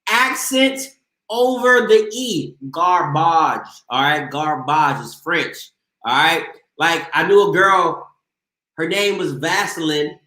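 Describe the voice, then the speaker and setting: A man hosting a live call-in sports show who trash-talks with a playful, boastful swagger. His voice sits high and bright, and it swings widely in pitch. The echo of the room is clear around him. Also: lively intonation, slow pace.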